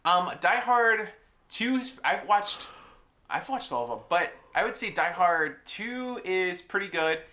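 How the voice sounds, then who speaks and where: Young male co-host, eager and laughing, bright voice, fairly high. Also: expressive, slight background noise. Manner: eager, laughs often, quick agreeing interjections. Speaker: podcast co-host. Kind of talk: casual podcast chat.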